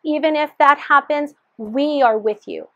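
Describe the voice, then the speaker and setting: Woman guest giving her testimony, higher voice, earnest, acts out quotes; dull, dry recording. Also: measured pace, fairly bright tone, no echo. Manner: earnest, re-enacts dialogue in quotes. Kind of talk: personal testimony storytelling.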